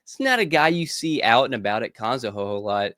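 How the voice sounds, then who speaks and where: A relaxed man chatting as co-host of a pop-culture podcast, with a mid-pitched voice. He laughs easily and often restarts his sentences mid-thought. The sound is dry and close, with no room echo. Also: fast talker. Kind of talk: casual chat.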